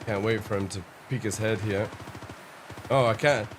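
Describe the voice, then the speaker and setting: This streamer's fairly low voice holds a steady tone at a moderate pace, with background noise behind it. Frustrated by the game's shortcomings, he rants and swears nonstop while narrating live, often dissolving into laughter.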